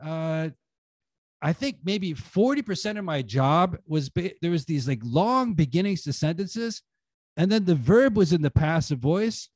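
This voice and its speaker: A man's voice: sits high, a little mellow, dry recording. A man giving a casual conference lecture as a language teacher, speaking bluntly with joking, slangy phrasing. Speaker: conference lecturer and English lector.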